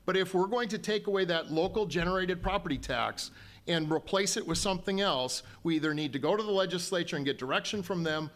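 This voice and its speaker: A man's voice: sits high, a little fast, a bit bright. Folksy man at a town hall. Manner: folksy, conciliatory, frequent ums and restarts. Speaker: county official at a town hall. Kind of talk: public town hall remarks.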